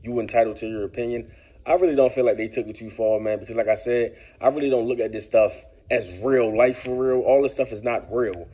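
A man's voice: medium pitch, a little fast, warm tone, slightly rough. A man giving casual vlog commentary, laid-back and lecturing, often tossing in "man" and "bruh". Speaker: commentary vlogger.

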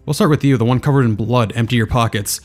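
A man voicing a stern adult school official who speaks in a brisk, official way. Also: mid-range voice, natural voice.

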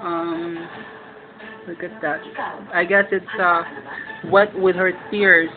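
Filipino lady filming her family at home, slow and teasing, keeps repeating herself, handheld cam. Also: lowish voice, level tone, phone-quality sound, music in the background. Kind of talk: casual home video narration. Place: living room at home. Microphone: handheld camera mic.

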